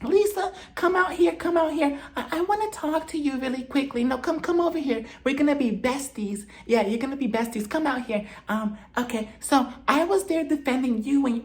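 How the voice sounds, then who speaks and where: A man putting on a pleading woman reality star, soft and wheedling. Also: very high-pitched, voice pushed up.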